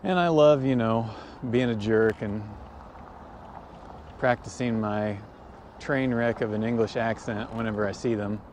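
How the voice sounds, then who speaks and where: A man with a slightly low voice talks in a relaxed, joking way while riding a cargo bike along a windy city path. He speaks into a camera mounted on the bike, and a faint hiss sits behind him. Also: measured pace. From United States. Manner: joking, easygoing, chatty. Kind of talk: casual livestream chat.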